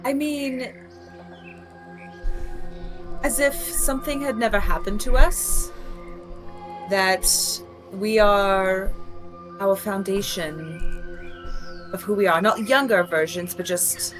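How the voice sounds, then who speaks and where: A woman speaks slowly and thoughtfully as a player at a tabletop game, weighing her words. Clear music runs behind her. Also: medium pitch, poor audio. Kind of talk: tabletop role-play chat.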